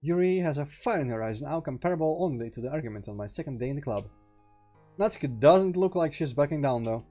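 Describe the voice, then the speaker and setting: A man's voice: on the high side, expressive, fast, dark tone, faint music behind. A young man streaming a visual novel, reading the narration aloud and muttering casual asides.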